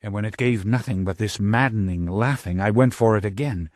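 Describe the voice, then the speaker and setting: A man's voice: darkish tone, no echo. A man narrating an audiobook in a dramatic, intense way, close to a studio mic. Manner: slow, low and intense, rising to urgent cries.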